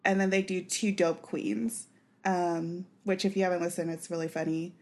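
A woman's voice: fairly low pitch, little pitch movement, normal speed, a little mellow. A young woman co-hosting a podcast in casual chat. She tells her story in a loose, rambling way, with plenty of fillers and frequent laughter. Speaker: podcast co-host.

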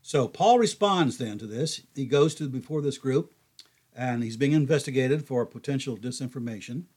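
An older man giving a folksy, conversational Bible teaching, animated when he quotes others. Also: medium pitch, moderate pace, husky.

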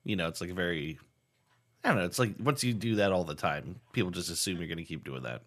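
A man's voice: low voice, lively intonation, fast talker. A man co-hosting a comedy podcast, playfully running a quiz game and breaking into mock-announcer bits. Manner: playful, bursts into mock-announcer shouting and sing-song. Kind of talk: casual comedic chat.

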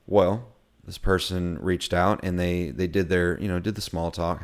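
Casting: middle-aged male co-host, very low voice, rambling, lots of ums and restarts. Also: steady tone, unhurried, clean tone. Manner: rambling with many fillers and restarts. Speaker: podcast co-host. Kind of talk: casual faith-based discussion.

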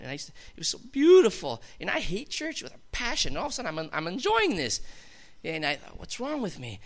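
A man tells his own testimony to a gathered congregation. His voice is bright and sits somewhat high for a man. He talks like a storyteller, with heavy emphasis that swells into fervent, forceful passages. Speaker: testimony speaker.

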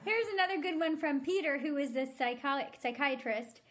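A woman's voice: sits high, animated, fairly quick, a bit bright. A woman co-hosting a podcast in casual chat, enthusiastic and giggly. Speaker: podcast co-host.

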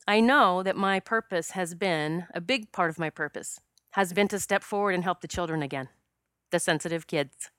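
Earnest woman with smooth, dry voice. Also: fairly low pitch, a bit bright, no room sound. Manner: earnest, emotional, many fillers and restarts. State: choked up at times. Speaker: past life regression specialist. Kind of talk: personal storytelling monologue.

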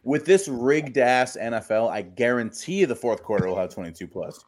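A brash, profane man, drunk and joking loudly in casual podcast chat. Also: medium pitch, expressive, moderate pace. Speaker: podcast co-host.

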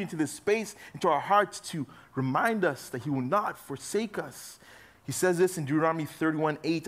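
Animated young man preaching casually. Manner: casual, conversational preaching with frequent fillers; animated, swinging between loud emphasis and soft low asides. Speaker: youth pastor. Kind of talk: sermon.

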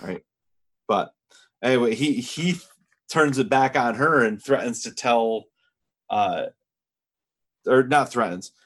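A man co-hosting a podcast, casually recapping a TV episode from his notes in a relaxed, measured way. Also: mid-range voice. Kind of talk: casual chat.

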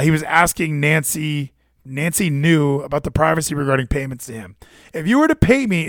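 A man's voice: on the high side, fairly bright tone, no echo, studio quality. A man streaming to his chat, reading news stories aloud and ranting about them in a casual, profane and incredulous way.

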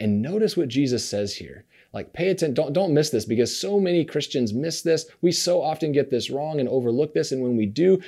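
A man preaching a sermon, retelling a story in a relaxed conversational way, often repeating and restarting his words. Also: fairly low pitch. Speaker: pastor.

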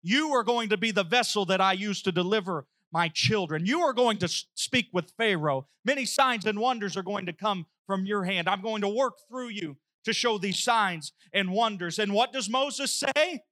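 A man preaching a sermon, telling a story with lively acted-out dialogue. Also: high voice, moderate pace, few pauses. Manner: animated storytelling, acting out dialogue.

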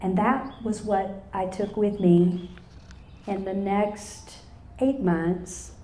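A woman's voice: mid-range voice, slow, mellow. Earnest woman giving testimony in echoey hall. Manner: earnest, storytelling, addresses audience directly. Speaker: speaker at women's luncheon. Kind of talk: live personal testimony talk. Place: large hall with live audience. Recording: roomy echo in a hall.

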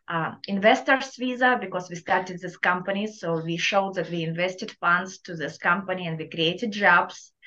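A woman answering interview questions in a halting way, with restarts and slips in her English grammar. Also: mid-range voice, a bit bright. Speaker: interview guest, entrepreneur. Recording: dull lo-fi audio.

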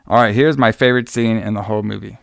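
A man with a gravelly, fry-laden voice chats casually about a horror film, bouncing between narration and mimicked dialogue. The sound is dry and close to the mic. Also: fairly low pitch, fast talker, no room sound. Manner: animated storyteller acting out quotes, laughing often. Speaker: podcast co-host recapping a horror movie. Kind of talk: casual chat.

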